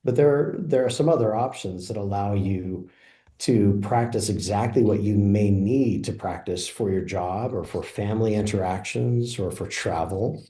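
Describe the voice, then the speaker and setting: A man presenting a pronunciation course and demonstrating software, explaining steadily and saying phrases aloud. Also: lowish voice, normal speed. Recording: echoey room.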